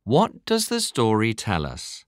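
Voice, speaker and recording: A voice slowly reading out test questions for a listening exercise. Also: mid-range voice, huge pitch swings, no room sound, clean studio sound. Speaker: quiz reader.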